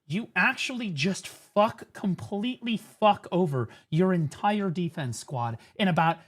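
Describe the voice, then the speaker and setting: A man's voice: high-pitched, unhurried. A man streaming casual reaction commentary on game clips, laughing often and swearing freely as he tells stories. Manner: profane, laughing, animated storyteller.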